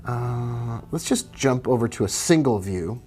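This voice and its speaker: A man's voice: mid-range voice, lively intonation, unhurried, a little mellow. Chatty man hosting a live trading stream. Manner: casual, chatty, greets viewers by name. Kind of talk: live-stream commentary on charts.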